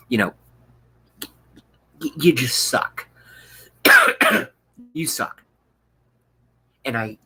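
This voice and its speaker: A man's voice: medium pitch, bright, forceful tone, low-quality recording. A man hosting a livestream, delivering an angry, profane political rant with contempt. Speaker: livestream host.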